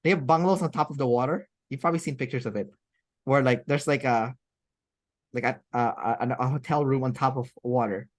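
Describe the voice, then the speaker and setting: A woman's voice: very deep voice, fairly quick. A woman as an interview guest, talking in a rambling, chatty way with many fillers and restarts. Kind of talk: casual interview chat.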